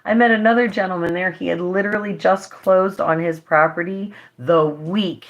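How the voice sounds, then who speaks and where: A woman speaking to her viewers in an earnest, impassioned vlog update. Her voice carries a gravelly, creaky edge, and she sounds emotional, as if holding back tears. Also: fairly low pitch, steady tone, normal speed, lo-fi sound. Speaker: vlogger. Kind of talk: direct-to-camera vlog update.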